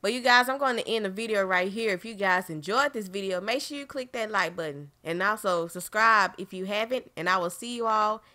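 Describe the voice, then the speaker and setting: A woman narrates her own horror game run into a desk microphone, jumpy and full of exclamations. Her tone is bright and sharp, and she keeps turning to address her viewers directly. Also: mid-range voice, a little fast, hardly any pauses. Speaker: gaming channel host. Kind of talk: horror game let's play commentary.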